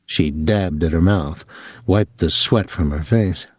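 A man narrating an audiobook in an expressive, measured reading. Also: low voice, breathy edge, dry recording, clean studio sound.

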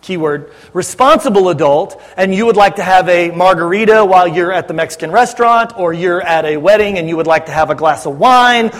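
A man's voice: high voice, animated, a little fast, hardly any pauses, a bit bright, big-room sound. A man preaching as a pastor, talking to his congregation in a conversational, joking way. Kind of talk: sermon Q&A.

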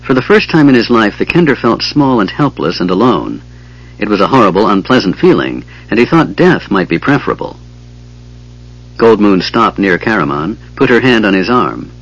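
A man narrating a fantasy audiobook in a measured, dramatic storytelling manner. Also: fairly low pitch, sing-song, breathy edge, lo-fi sound.

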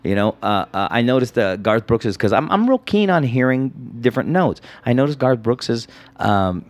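A man's voice: moderate pace, no room sound. A man talking about his comedy act in a casual interview, rambling with many restarts and repeated words. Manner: lively pitch, jumps into high impressions. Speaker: comedian guest.

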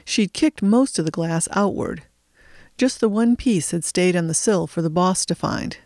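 A woman narrating a story in an even, measured audiobook style. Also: lowish voice, no room sound. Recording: dry close recording.

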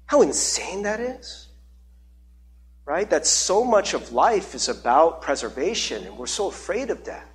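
Earnest, animated male pastor preaching. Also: fairly high pitch, unhurried, a little hiss or hum. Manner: earnest, emotional, with frequent "right?" asides. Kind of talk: sermon.

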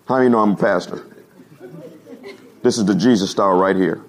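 A man preaching a humorous storytelling sermon to his congregation, animated and laughing at his own stories. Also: on the low side, brisk, long pauses. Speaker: pastor. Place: church service before a congregation.

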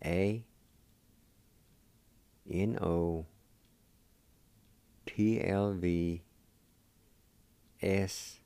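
Slow, gravelly low-voiced man. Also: warm tone, dry recording. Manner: patient, spells letter by letter. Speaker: radio host teaching words. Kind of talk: slow spelled-out language lesson.

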